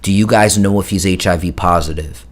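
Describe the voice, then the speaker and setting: A man's voice: sits low, fairly quick, close to an everyday voice. A man quoting a cautious male doctor who speaks carefully and apologetically.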